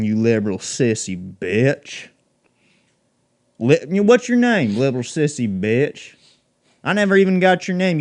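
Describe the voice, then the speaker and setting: A crude, bigoted redneck in a comedy sketch, acted by a man, spitting out taunts and profanity in a loud rant. His voice sits a little high for a man. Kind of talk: comedy sketch role-play.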